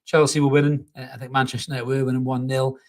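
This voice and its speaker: A man's voice: medium pitch, level tone, fast. A man hosting a live football reaction show, talking bluntly and passionately, swearing freely and reading out viewer comments. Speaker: football fan channel host.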